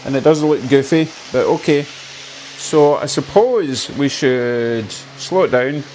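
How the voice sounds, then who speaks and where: On his model railway channel, a man talks casually and with real enthusiasm while a train circles his home layout, teasing himself lightly along the way. His voice is medium in pitch, slow, and somewhat dark, with a bit of background noise.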